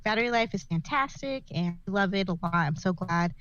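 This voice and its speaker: A woman's voice: medium pitch, lively intonation, a little fast, fairly bright tone, dry recording. Young woman, podcast co-host, casual chat, chatty and filler-heavy, dry slightly muffled call audio. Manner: chatty storyteller, many fillers, laughs often.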